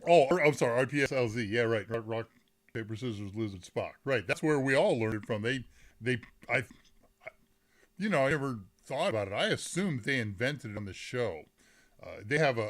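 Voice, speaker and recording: Rambling, self-interrupting male tech streamer. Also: medium pitch. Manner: rambling, self-interrupting, reads chat aloud, laughs often. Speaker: host of a live tech Q&A stream. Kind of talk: casual live-stream chat.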